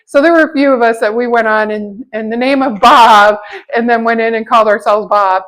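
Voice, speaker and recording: Chatty high-voiced woman telling stories. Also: brisk, a bit bright, low-quality recording. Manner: chatty, laughs often, acts out quoted voices. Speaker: vlogger. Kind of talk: casual storytelling vlog.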